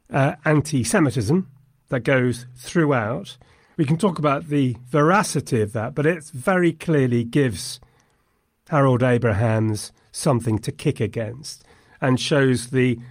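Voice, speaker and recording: A man talking through a film in a thoughtful, measured way, with dry humour. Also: mid-range voice, a little mellow, no echo. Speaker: podcast film reviewer. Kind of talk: conversational film discussion.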